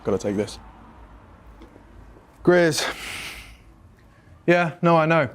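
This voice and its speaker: A man's voice: a little high, lively intonation, slow pace, slight background noise. A man ranting indignantly in a comedy skit, swearing as he complains. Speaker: esports caster.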